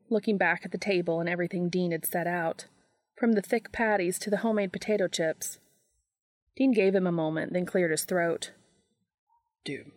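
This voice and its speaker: A woman narrating a fan fiction audiobook in a steady, measured way. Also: fairly low pitch, no room sound.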